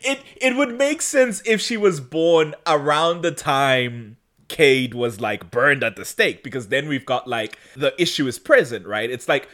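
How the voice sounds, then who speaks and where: A man's voice: mid-range voice, expressive, measured pace, a bit bright. A man co-hosting a podcast in casual chat, rambling and laughing often. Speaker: podcast co-host.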